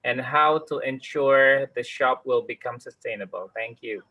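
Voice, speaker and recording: A man's voice: medium pitch, moderate pace, bright, forceful tone, poor audio. A man moderating an online webinar, passing on questions with many hesitant fillers.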